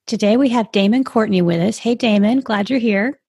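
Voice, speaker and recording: Gravelly-voiced woman co-host. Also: medium pitch, fairly quick, a little mellow, no echo. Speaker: podcast co-host. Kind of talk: casual interview chat.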